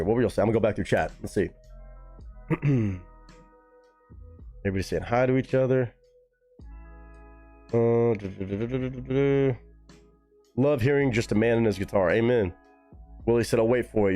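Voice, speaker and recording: A young man hosting a live music reaction stream, talking casually and excitedly to his chat with plenty of swearing. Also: lowish voice. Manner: excitable, profane, talks straight to chat.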